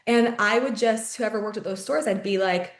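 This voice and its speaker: A young woman talks through a personal story as a podcast host, loose and chatty, full of fillers, curse words and little laughs. Her voice sits in an ordinary middle pitch. The recording carries a noticeable roomy echo. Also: normal speed. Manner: chatty, filler-heavy, swears often, laughs mid-story. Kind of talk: casual storytelling monologue.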